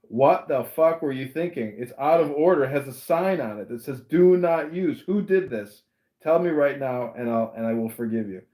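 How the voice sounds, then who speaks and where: A man's voice: mid-range voice, normal speed, close to an everyday voice. A man voicing a furious male army drill sergeant who barks at his recruits, in a roomy room. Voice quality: loud, barking.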